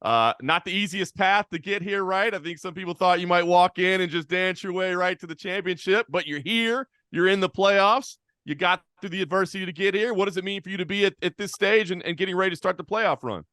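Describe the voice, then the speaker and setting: A man's voice: high voice, brisk, few pauses, bright, forceful tone, no room sound, studio quality. A man hosting a press call, asking fighters questions with enthusiasm. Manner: enthusiastic, hype. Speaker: host.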